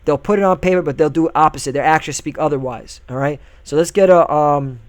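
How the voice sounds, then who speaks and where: A man's voice: a little high, fairly quick, dry recording. Combative preachy man, dry close sound. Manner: preachy, combative, many fillers like "all right"; reads scripture and news aloud. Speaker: video commentator. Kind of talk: religious political commentary.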